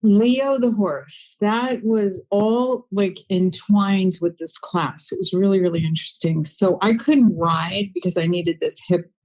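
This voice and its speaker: A woman guest on a podcast, telling a personal story in a chatty, animated way with lots of asides. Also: on the low side, unhurried, few pauses, poor audio. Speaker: guest medium and intuitive healer. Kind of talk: casual interview storytelling.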